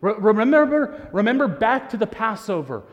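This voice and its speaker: A man preaching a sermon as pastor, earnest and often repeating words as he restarts, sometimes dropping to a soft hushed voice. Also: sits high, big pitch swings, moderate pace, lo-fi sound. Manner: drops to a soft, hushed voice for emphasis. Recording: long reverb of a large hall.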